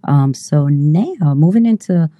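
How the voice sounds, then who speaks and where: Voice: mid-range voice, lively intonation, slow pace, dry recording. An interview host who asks questions and agrees often in a casual, affirming way. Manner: warm affirming, frequent agreement. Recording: dull dry lo-fi sound.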